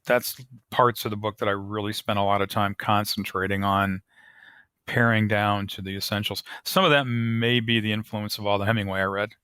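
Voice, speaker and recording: A man, an author being interviewed on a podcast, explaining his craft in a thoughtful, measured way. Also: on the low side, little pitch movement, bright, forceful tone, clean tone, dry recording. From United States. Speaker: author guest.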